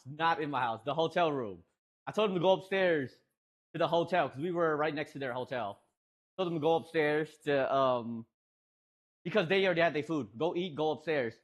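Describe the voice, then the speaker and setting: A man streaming from home, telling a rambling, animated story with lots of restarts and fillers. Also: fairly high pitch.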